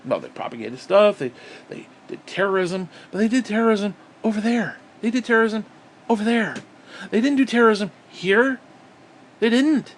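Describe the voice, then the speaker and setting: A man's voice: high-pitched, sing-song, moderate pace, slight background noise. A man from upstate New York delivering an angry, profane, sarcastic political rant on his vlog. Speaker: vlogger.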